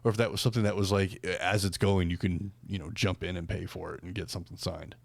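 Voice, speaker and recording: A man's voice: sits low, fairly even intonation, fast talker, gravelly, dry recording. A man hosting a podcast in casual chat, rambling with lots of fillers and restarts. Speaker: podcast host.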